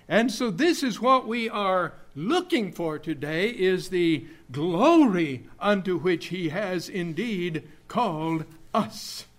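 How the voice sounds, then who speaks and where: A man preaching a sermon, reading scripture in old-fashioned wording and rising from quiet passages to fervent shouting. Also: on the high side. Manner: King James scripture reading, builds to shouting.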